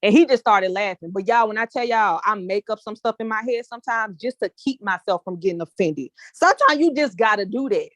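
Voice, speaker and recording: A woman's voice: medium pitch, brisk, hardly any pauses, a bit bright, no echo. Chatty woman telling a story, dry sound. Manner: chatty, addresses listeners as y'all. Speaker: discussion leader. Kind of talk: casual storytelling in a group meeting.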